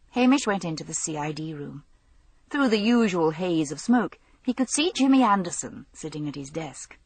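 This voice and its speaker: A woman reading a mystery novel aloud as an audiobook narrator, in a measured, even manner. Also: lowish voice, slightly rough, no room sound.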